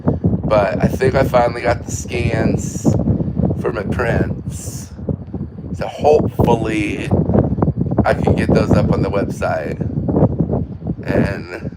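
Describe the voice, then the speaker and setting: A man's voice: fairly low pitch, takes it slowly, long pauses. An American man hosting a casual late-night livestream from an outdoor porch, rambling and answering viewer comments as they come in on his phone. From United States. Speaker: livestream host. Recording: loud wind noise on a phone mic.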